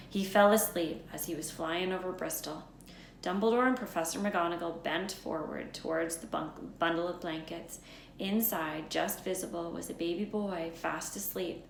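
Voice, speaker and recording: A woman teacher reads a chapter book aloud in an unhurried storytelling manner. Her voice sits a bit low and rings in a roomy room, with a faint hum behind. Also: steady tone, gravelly. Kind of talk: read-aloud storybook narration. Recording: roomy echo, faint background noise.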